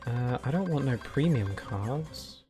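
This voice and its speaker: A man's voice: medium pitch, animated, slow, mellow, faint music behind. A young man casually commenting while he plays a game, rambling and often restarting his sentences. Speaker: streamer.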